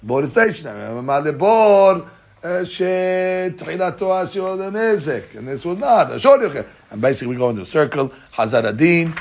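A man teaching a daily Talmud class, reading out Aramaic text and explaining it in casual English with rhetorical questions and many fillers. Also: a little high.

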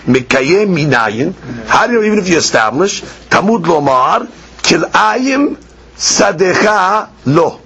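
A man teaching a Talmud lesson, chanting the text in a sing-song and then explaining it quickly, asking and answering his own questions. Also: sits high, sing-song, a bit bright, breathy edge. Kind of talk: Talmud lecture. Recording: dull lo-fi podcast recording with faint ambience.

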